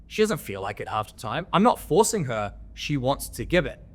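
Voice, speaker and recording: A man's voice: medium pitch, sing-song, normal speed. A man from Australia, a podcast guest and men's coach telling candid stories in a blunt, coaching tone and swearing freely. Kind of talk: candid interview storytelling.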